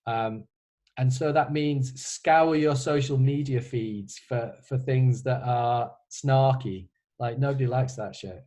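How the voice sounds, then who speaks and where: Over a video call with poor audio, a male composer fields students' questions in a slow, mellow, mid-range voice. His casual answers are hesitant, full of restarts, and touched with wry humor.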